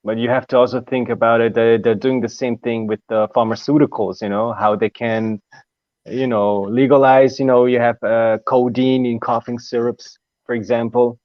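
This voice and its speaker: A man's voice: medium pitch, flat delivery, normal speed, no echo, highs cut off. A man appearing as a guest musician in a casual radio interview, easygoing, swearing freely and laughing often.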